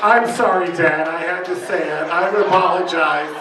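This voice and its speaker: A man in drag roasting his friends before a live audience, his high voice cutting through loud crowd noise. He is bawdy and brash and shouts his punchlines. The sound is roomy and distant, as if caught from across an echoing bar function room. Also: steady tone, moderate pace.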